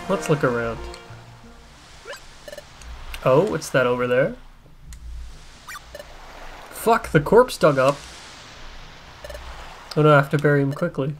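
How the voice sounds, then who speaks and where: A man giving casual, crude gameplay commentary, joking and swearing and breaking into excited outbursts. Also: a little high. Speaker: let's play gamer. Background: faint game soundtrack music.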